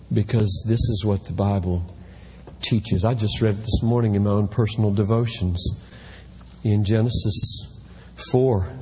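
A man preaching a sermon from the pulpit with impassioned delivery, at times rising to shouts. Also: fairly low pitch, long reverb tail, slight background noise. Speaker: pastor. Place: church sanctuary.

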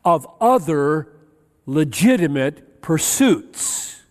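A man's voice: on the high side, big pitch swings, very slow. A man preaching a sermon, emphatic, repeating key phrases and quoting scripture. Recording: long reverb of a large hall.

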